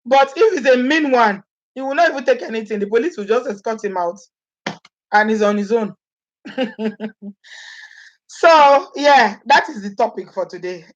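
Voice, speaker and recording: A woman's voice: a little high, moderate pace, pauses often, muffled recording. A woman from Nigeria with a Nigerian accent, chatting animatedly to her viewers, laughing often and acting out what people say. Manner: animated, laughing often, acts out quoted speech. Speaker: vlogger. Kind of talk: casual chat to live viewers.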